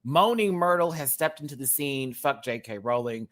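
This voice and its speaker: A man hosting a casual reaction show, campy and chatty, swinging from loud exclamations to quiet asides and laughing often. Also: medium pitch, expressive, moderate pace. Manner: campy and chatty, repeats words for emphasis.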